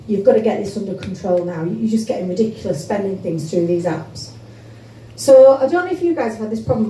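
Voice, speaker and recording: Female stand-up, chatty, self-deprecating, mellow tone, echoey club heard from a distant phone. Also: on the high side, a little hiss or hum. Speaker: stand-up comedian. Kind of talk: stand-up comedy set. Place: comedy club. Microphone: phone standing on a table in the audience. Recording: echoey club recorded from afar.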